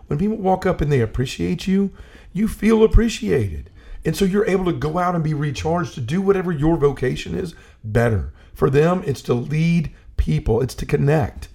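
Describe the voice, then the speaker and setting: A man's voice: a little high, lively intonation, moderate pace, creaky, warm tone. A man talking earnestly in a casual conversation about faith, telling stories and often restarting his sentences. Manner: earnest storyteller, restarts and repeats himself.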